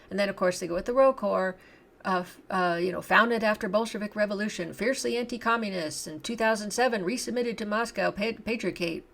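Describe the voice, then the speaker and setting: Gravelly woman, indignant commentator. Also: medium pitch, fairly bright tone. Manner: indignant, scornful asides between read quotes. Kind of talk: reading and commenting on a document.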